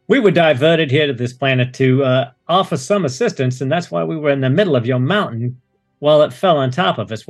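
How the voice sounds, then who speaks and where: A brash, wisecracking space operative, played by a man in an ordinary mid-pitched voice. He is confident and sarcastic. Faint music runs underneath. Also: no echo, studio quality.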